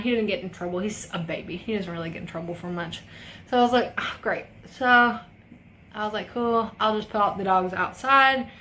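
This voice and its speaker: A woman's voice: mid-range voice, a bit bright, a little hiss or hum. A young woman chatting while doing a makeup tutorial, telling a rambling story with lots of swearing. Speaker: beauty vlogger. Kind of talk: casual makeup tutorial chat.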